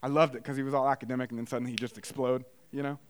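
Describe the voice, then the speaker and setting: A young adult man preaching a sermon, moving between quiet reflective passages and loud, emphatic bursts. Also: medium pitch, racing. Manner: animated preaching, swinging from hushed to loud. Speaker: pastor.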